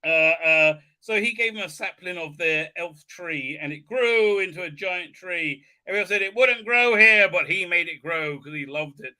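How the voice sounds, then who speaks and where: Man, live-stream host, high pitch, very sharp tone, sarcastic, profane, halting with fillers. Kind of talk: casual live-stream recap and commentary.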